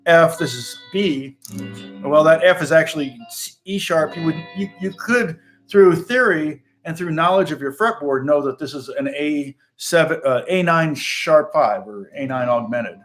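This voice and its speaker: A man's voice: on the high side, moderate pace, few pauses, a bit bright, soft background music. Chatty middle-aged man with a raised voice. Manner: rambling and chatty, laughs often. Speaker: guitar teacher and channel host. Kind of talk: casual livestream chat.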